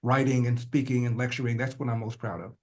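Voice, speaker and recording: A man's voice: medium pitch, fast talker. Older man telling a family story. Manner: animated, builds rhythm with repetition; acts out family dialogue in changing voices. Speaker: podcast guest. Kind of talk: personal storytelling.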